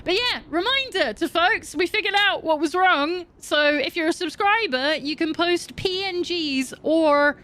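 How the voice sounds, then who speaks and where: A woman's voice: extremely high pitch, animated, a little slow, few pauses, bright, forceful tone. A young adult woman livestreamer chatting casually with viewers, rambling and laughing often. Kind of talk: casual chat with stream viewers.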